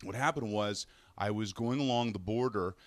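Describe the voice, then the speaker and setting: A Canadian man hosting a fantasy sports radio show from a hotel room, telling road stories in a chatty, animated way and acting out the people he quotes. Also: fairly low pitch, moderate pace, dry recording. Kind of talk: casual solo show, storytelling.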